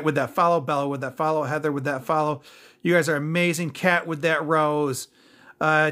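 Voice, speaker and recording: A man with a fairly high, slightly bright voice hosts a casual livestream, reading out viewers' names and comments in an upbeat, grateful way.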